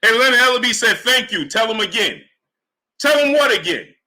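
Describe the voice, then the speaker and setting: A man hosting a sports livestream, talking fast and exasperated, firing rhetorical questions and greeting chatters in a low mutter. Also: very animated, bright, forceful tone. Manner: exasperated, rhetorical, repeats himself. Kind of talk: live stream commentary, reading chat.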